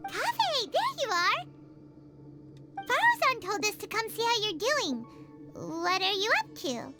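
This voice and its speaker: A woman voicing a tiny, curious, fairy-like girl companion in a video game, with a very high, sing-song voice and chatty questions. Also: sing-song, a little slow, full character voice. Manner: chatty, wide-eyed questions. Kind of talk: game dub voice acting. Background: game music.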